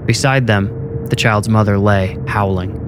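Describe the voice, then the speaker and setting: A man reads a horror story in a steady, measured way, a low voice carrying the suspense. The delivery is scripted and even. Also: background noise. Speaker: narrator. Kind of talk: scripted horror audiobook narration.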